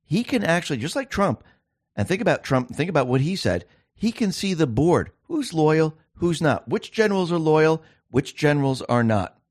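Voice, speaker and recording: A man's voice: fairly high pitch, very animated, moderate pace, darkish tone, dry recording, clean studio sound. A man hosting a political commentary monologue, talking emphatically and firing off rhetorical questions. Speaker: show host.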